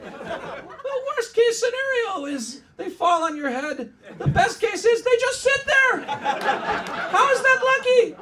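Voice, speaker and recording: A man's voice: very animated, slow pace, full character voice. A man voicing a corny Irish stand-up comic in a put-on Irish accent, laughing through his jokes. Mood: giddy. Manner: high-pitched, loud, laughing through the jokes. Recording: live stage with loud crowd.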